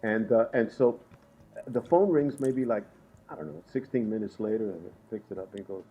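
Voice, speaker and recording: A man from Puerto Rico, a guest musician, telling animated stories with frequent laughs. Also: on the low side, moderate pace, slight background noise, poor audio. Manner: lively, laughs often while telling stories. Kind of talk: animated storytelling in conversation.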